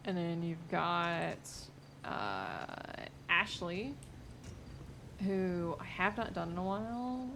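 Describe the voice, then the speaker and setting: A woman's voice: fairly low pitch, animated, slow, gravelly, fairly bright tone, a little hiss or hum. A young woman from the American South chatting casually on a stream, rambling with lots of fillers and restarts.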